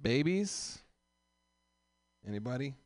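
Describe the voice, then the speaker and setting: A man's voice: medium pitch, very animated, takes it slowly, darkish tone, no echo, clean studio sound. A man hosting a comedy open mic who riffs on the audience in a profane, rambling, teasing way in a small live room. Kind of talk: live crowd work banter.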